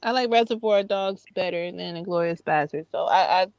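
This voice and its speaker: A woman's voice: on the low side, fairly quick, a little mellow, clear, resonant tone, lo-fi sound. A woman with a New York accent in a casual late-night chat, talkative and opinionated, laughing easily.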